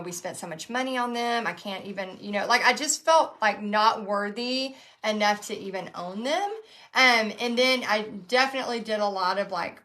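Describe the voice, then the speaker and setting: A woman's voice: mid-range voice, bright, forceful tone. A woman teaching a live painting workshop, talking chattily with lots of "like" and "um". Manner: chatty, frequent "like" and "um". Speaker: paint party instructor.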